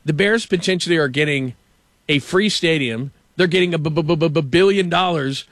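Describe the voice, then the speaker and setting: A man hosting a casual sports talk show, ranting with animated stammers about a team's stadium. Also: fairly high pitch, fairly quick, dry recording. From Los Angeles. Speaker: show host.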